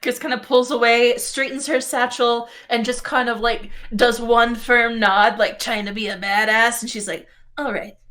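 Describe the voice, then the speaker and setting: A woman running a tabletop game as game master, casual and quick with rulings. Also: a little high, little pitch movement, fairly bright tone.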